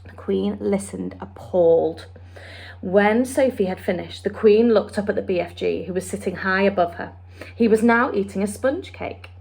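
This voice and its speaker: A teacher reading a children's storybook aloud in an expressive storytime manner. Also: female voice, mid-range voice, moderate pace, gravelly. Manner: expressive, warm storytime delivery. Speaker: primary school teacher.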